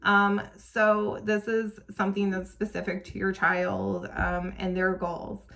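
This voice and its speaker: A woman's voice: medium pitch, little pitch movement, slow, gravelly, fairly bright tone. A young woman telling a personal story as a parent vlogger, emotional and full of "um" and "like" fillers. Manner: emotional, tearful at times, many fillers like "um" and "like".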